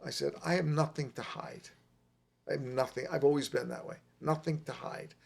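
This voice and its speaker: A middle-aged man telling a long personal story on a podcast, emphatic and animated, repeating his points. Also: fairly high pitch, moderate pace, gravelly. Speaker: podcast guest. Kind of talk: casual storytelling.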